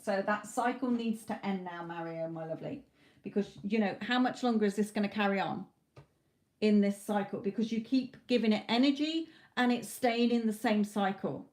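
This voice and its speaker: A woman's voice: mid-range voice, moderate pace, darkish tone. A British woman doing a live psychic tarot reading, talking straight to a viewer with blunt, motherly advice and a repeated "okay?". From Britain.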